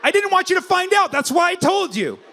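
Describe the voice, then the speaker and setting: Comedian doing a furious shouting man. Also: very high-pitched, very animated, a little fast, noisy background, pitched above the performer's own voice, exaggerated voice. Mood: indignant shouting. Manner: shouting, indignant. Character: angry one-eyed man yelling at a comedian.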